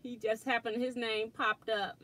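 A woman's voice: fairly high pitch, little pitch movement, a little slow, a bit bright, low-quality recording. A middle-aged woman hosting a casual quilting livestream, chatty and laughing often as she reads viewer comments aloud. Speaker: quilting channel host.

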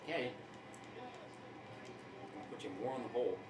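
A man's voice: medium pitch, wildly swooping pitch, moderate pace, noisy background. Giggly young man teasing his gaming rival. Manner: giggly, teasing, laughs a lot. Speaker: gamer co-host. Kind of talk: casual gameplay banter. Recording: echoey room.

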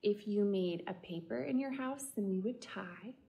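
A woman, a children's librarian, reading a picture book aloud and asking the children gentle questions. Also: mid-range voice, normal speed, creaky, lo-fi sound. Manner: gentle, talks directly to children. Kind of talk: storytime read-aloud.

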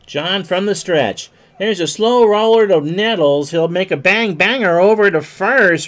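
Stuffy man, fairly high voice, solo baseball play-by-play; loud on hits, low for asides. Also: a little slow, hardly any pauses. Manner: rises loudly on hits, drops low for asides. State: stuffy from sneezing. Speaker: play-by-play commentator of a simulated game.

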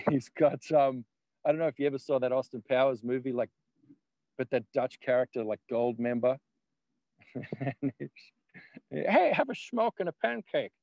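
A man talking as a guest in a loose, rambling way, peppered with laughs and swearing. His voice sits at an ordinary middle pitch. The sound is dry and close. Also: mellow, dry recording, low-quality recording. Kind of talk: casual conversation.

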